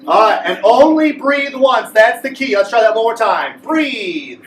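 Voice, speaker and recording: A man's voice: high voice, big pitch swings, moderate pace, a little hiss or hum. A man teaching a beginners' clarinet class, coaching and joking with his students. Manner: playful, coaching a class aloud. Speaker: music teacher. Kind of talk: group clarinet lesson. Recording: echoey room from far off.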